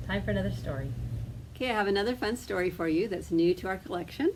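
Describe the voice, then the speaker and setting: A woman librarian reading picture books aloud to children, gentle and coaxing, often asking the kids questions. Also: medium pitch, fast talker, heavy background noise. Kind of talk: storytime read-aloud to children.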